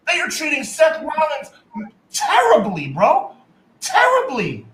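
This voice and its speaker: A man co-hosting a wrestling podcast, ranting in exaggerated mock outrage, repeating himself and shouting lines. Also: extremely high pitch, huge pitch swings, unhurried, reverberant, noisy background. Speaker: podcast co-host. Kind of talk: heated wrestling podcast rant.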